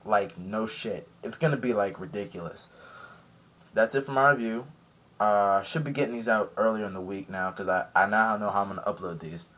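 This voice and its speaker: A man reviewing an anime episode in a casual recap, animated and rambling with many fillers. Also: on the low side, moderate pace.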